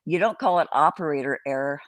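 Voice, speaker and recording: A woman's voice: low voice, fast. An older woman hosting a casual live-stream chat, rambling and swearing freely as she greets viewers. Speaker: host.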